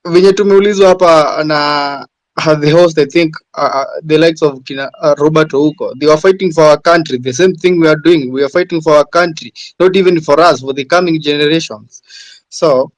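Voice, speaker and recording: Earnest Kenyan man caller, hesitant delivery, slightly high, dry audio. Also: brisk, dry recording, rough recording. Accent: Kenyan English. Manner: earnest, hesitant with many uh's, mixing Swahili. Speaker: caller on a live audio space.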